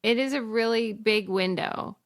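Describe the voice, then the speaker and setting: A woman co-hosting a casual podcast, teasing her co-host and laughing often during their quick back-and-forth. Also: a little high.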